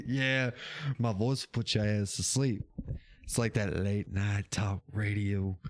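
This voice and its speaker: Laid-back low-voiced male streamer. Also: little pitch movement, takes it slowly, no echo, studio quality. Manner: laid-back, rambling, swears casually, laughs often. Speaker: podcast host reading live chat. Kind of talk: casual livestream chat.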